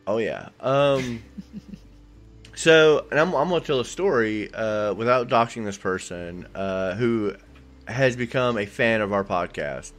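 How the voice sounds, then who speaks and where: A man's voice: lowish voice, a little slow, faint music behind. A man co-hosting a podcast, talking in a rambling, enthusiastic way full of fillers. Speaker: podcast co-host. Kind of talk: casual chat.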